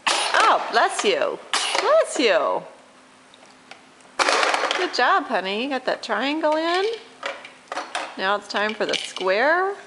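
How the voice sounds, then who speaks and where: This home camcorder footage is noisy and shows a mother playing with her toddler among toys. Her high voice swings hugely in pitch, moving slowly with long pauses as she sing-songs praise and encouragement.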